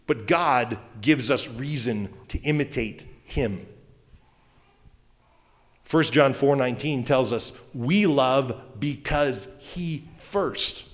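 A male pastor giving a sermon in a conversational manner, with joking asides and quick self-corrections. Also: medium pitch. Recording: long hall reverb.

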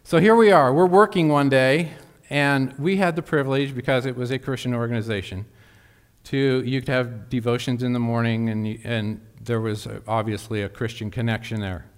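A man's voice: mid-range voice, fairly even intonation, normal speed, clear, resonant tone. A man preaching a sermon, telling a personal story with emphatic asides to the congregation. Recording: long hall reverb.

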